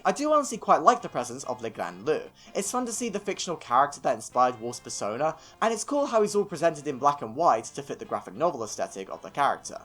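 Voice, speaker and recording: A man's voice: a little high, bright, forceful tone. A man from England with an English accent narrating a scripted video review of a cartoon series, opinionated and given to sarcastic little rants. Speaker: film and TV reviewer.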